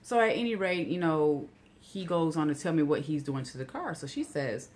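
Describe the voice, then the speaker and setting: A woman vlogger telling a rambling, casual story full of "you know" asides, getting animated and incredulous when outraged. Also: low voice, moderate pace.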